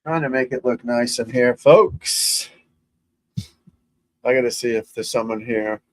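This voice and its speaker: A man's voice: mid-range voice, little pitch movement, fairly quick, no echo, poor audio. Rambling, chatty golf instructor man. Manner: rambling, chatty, breaks off to talk to his dog. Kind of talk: casual live chat to viewers. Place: room at home.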